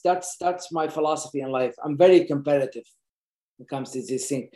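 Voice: medium pitch, a little fast, mellow. Earnest job coach in a roomy echo. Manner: earnest, coaching, repeats points for emphasis; loose, unscripted phrasing with frequent restarts. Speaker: job advice presenter. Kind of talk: casual advice talk to camera.

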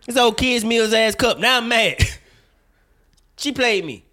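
Young guy podcast host, bright voice, high and bouncy, cussing and ranting. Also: unhurried. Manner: animated, profane, loud outbursts of mock outrage. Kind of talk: casual chat.

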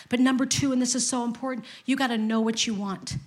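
A grandmotherly woman pastor in her fifties preaches a sermon in a fairly high voice. She leans on repetition and keeps asking her listeners direct questions. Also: fairly even intonation, fast, few pauses. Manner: emphatic repetition, speaks to the congregation.

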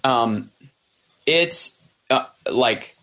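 A man's voice: mid-range voice, very slow. Man retelling events in casual talk. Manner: animated retelling, acting out quoted dialogue; frequent restarts and fillers. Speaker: commentator. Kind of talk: casual discussion.

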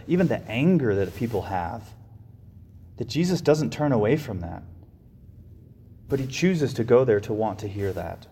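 A man's voice: fairly low pitch, a little mellow, big-room sound, a little hiss or hum. A man giving a reflective sermon, often restarting and repeating his phrases. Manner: reflective, with frequent restarts and repetitions. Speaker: preacher.

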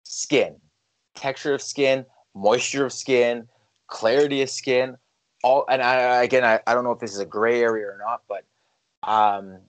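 A man's voice: mid-range voice, steady tone, a little slow, low-quality recording. A young man chatting casually as a podcast co-host, rambling, swearing and mumbling. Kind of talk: casual chat.

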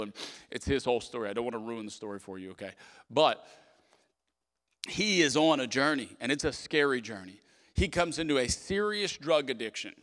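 Bright, animated preacher in a reverberant hall. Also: male voice, mid-range voice. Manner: animated, conversational preaching with frequent "okay?" asides. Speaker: pastor. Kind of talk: sermon.

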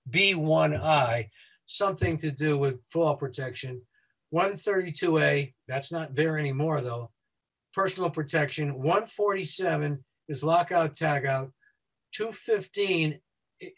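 A man working as a safety consultant. He speaks quickly and explains things step by step as a guest who walks listeners through a website. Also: a little high, fairly bright tone, breathy edge, poor audio.

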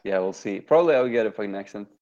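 A man co-hosting a casual hobby podcast, relaxed and swearing a lot, with plenty of fillers. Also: fairly low pitch, racing, muffled recording. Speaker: podcast co-host.

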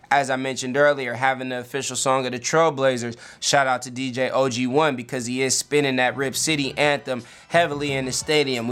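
A man's voice: mid-range voice, fairly bright tone, clean tone. A man co-hosting a casual sports talk show, blunt and punchy in his remarks. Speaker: co-host and musician.

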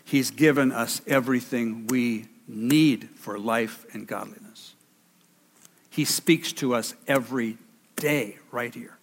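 A man's voice: mid-range voice, slow, slightly rough. A man preaching a sermon with emphasis, repeating key phrases for weight. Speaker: pastor. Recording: reverberant hall.

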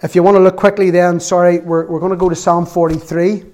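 A man delivers an earnest sermon. He reads scripture aloud with feeling and slips in self-mocking humor. His speaking voice sits a little higher than most men's. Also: level tone, quick pace, darkish tone. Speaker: preacher.

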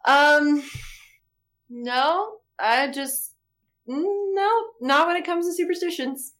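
A woman's voice: high-pitched, takes it slowly, fairly bright tone. A young woman co-hosting a casual podcast, making dry, wry remarks and laughing. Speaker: podcast co-host. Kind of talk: casual chat.

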